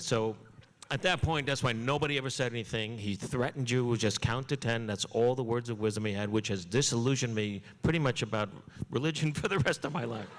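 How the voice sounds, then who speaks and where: Animated comic man in a reverberant hall. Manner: animated, swoops high for punchlines. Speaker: comedian guest. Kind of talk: comic storytelling on stage.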